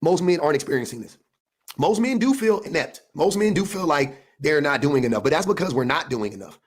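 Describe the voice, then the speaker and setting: A man's voice: a little high, big pitch swings, fairly quick, husky. A man talking earnestly in a casual clip, repeating himself as he works through a point. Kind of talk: casual talk on a played clip.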